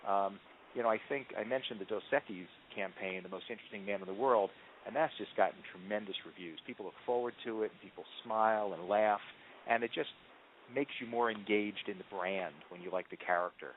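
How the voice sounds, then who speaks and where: A man being interviewed as a marketing executive, telling stories in an animated way with frequent ums and restarts. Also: fairly low pitch, fairly quick, a little hiss or hum. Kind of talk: conversational interview answers. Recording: tinny phone-line audio.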